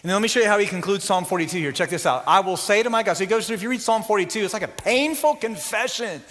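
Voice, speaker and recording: Impassioned man preaching, bright and high. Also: lively intonation, racing. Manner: impassioned, builds to loud emphatic peaks then drops quiet. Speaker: pastor. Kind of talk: sermon. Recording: long hall reverb.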